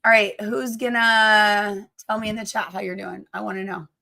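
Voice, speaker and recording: A woman teacher hosting a casual livestream, hoarse from damaged vocal cords, gushing and affectionate with her viewers. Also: mid-range voice, little pitch movement, normal speed, pushed and bright.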